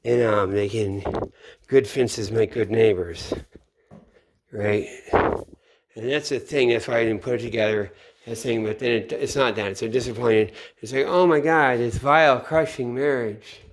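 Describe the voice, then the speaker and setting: A man's voice: on the low side, steady tone, a little slow, a little hiss or hum. Rambling, profane middle-aged man. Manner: rambling, profane, trailing off into mutters. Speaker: channel host. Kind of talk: late-night rambling monologue. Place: home at night.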